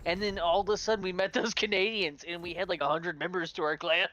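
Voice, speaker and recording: A man's voice: high-pitched, steady tone, fast, sharp tone, dry recording, low-quality recording. A man telling rambling, profane gaming stories in casual chat as a podcast co-host.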